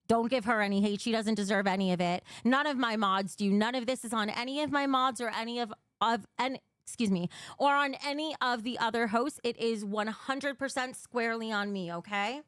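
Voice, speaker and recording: Brief: young woman streamer, fairly high smooth voice, blunt and emotional, reads and answers chat live, swears a lot. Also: fairly bright tone, dry recording, studio quality. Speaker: livestream host. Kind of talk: casual livestream chat.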